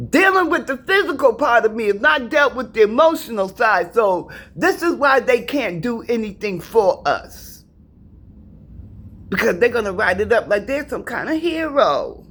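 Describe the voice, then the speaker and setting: A woman's voice: medium pitch, big pitch swings, a little slow, fairly bright tone, slightly rough. A middle-aged woman vlogging from her apartment, giving an emphatic, preachy personal rant to her viewers and repeating herself for emphasis.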